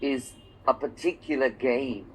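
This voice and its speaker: A man's voice: mid-range voice, measured pace, slight background noise, poor audio. A man from England teaching a one-on-one English lesson, explaining patiently with examples and checking that his student follows. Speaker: English tutor.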